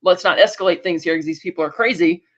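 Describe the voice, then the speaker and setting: High-voiced man recapping a show. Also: dull audio. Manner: brisk retelling with acted quotes. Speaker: podcast co-host. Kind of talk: casual recap chat.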